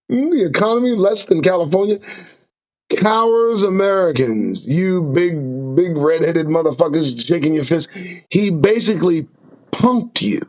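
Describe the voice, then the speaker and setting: A man hosting a streamed talk show, preaching in a fiery, profane rant. His voice sits high and swoops widely up and down. The sound is dull and lo-fi. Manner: profane, preaching, lively ups and downs. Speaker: show host. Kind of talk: impassioned ranting commentary.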